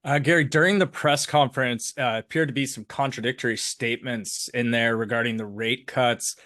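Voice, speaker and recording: A man's voice: medium pitch, steady tone, a little fast, bright, forceful tone, no echo. Dry-sounding man asking questions. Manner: hesitant, starts with fillers. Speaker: podcast co-host. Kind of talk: casual interview questions.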